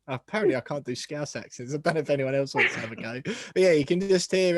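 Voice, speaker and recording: A man hosts a casual football podcast, chatty and quick to laugh at himself. His voice sits at an ordinary middle pitch, and the sound is very dry and close. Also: lively intonation, no echo. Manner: chatty, self-deprecating, laughs often. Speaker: podcast host.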